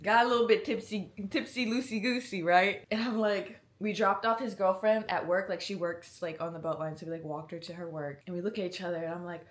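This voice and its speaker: A young woman in her twenties vlogging to camera, telling stories in a casual, animated way with plenty of slang, swearing and laughter. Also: fairly low pitch, fairly quick, few pauses.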